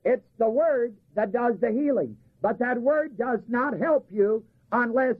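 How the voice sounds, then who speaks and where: A man preaching a sermon. He reads scripture, asks the congregation to fill in the missing words, and slows down to stress key phrases. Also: very high-pitched, breathy edge. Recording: tinny lo-fi recording.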